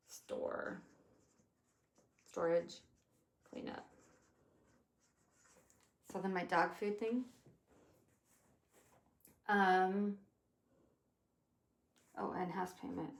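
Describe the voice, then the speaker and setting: A woman in her fifties chatting casually as she plans her day out loud, rambling and swearing now and then. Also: on the low side, fairly even intonation, extremely slow, long pauses, reverberant. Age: 50s. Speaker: vlogger. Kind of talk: casual day-planning chat.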